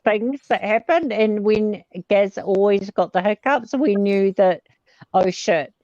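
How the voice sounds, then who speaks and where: A woman chatting casually on a live stream, agreeable and quick to apologize. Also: mid-range voice, a little mellow, dry recording. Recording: dull lo-fi line with clear crowd noise.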